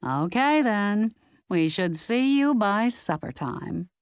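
A woman voicing an exuberant middle-aged mother who talks loudly and with enthusiasm. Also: mid-range voice, expressive, slow pace, clear, resonant tone, no echo, studio quality, pitched above the performer's own voice. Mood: gushing. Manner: loud, enthusiastic.

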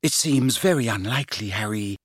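A man's voice: mid-range voice, very animated, normal speed, fairly bright tone, slightly rough, dry recording, studio quality, pitched above the performer's own voice. A man voicing an impatient, clever teenage girl who keeps reasoning with a friend. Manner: impatient, repressive.

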